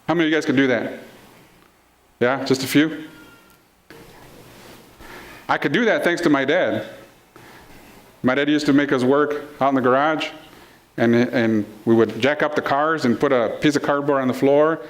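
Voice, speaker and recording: A middle-aged man preaches at normal speed in a medium-pitched voice, leaving long pauses. In the congregation hall he keeps a playful, conversational tone and acts out the figures in his stories.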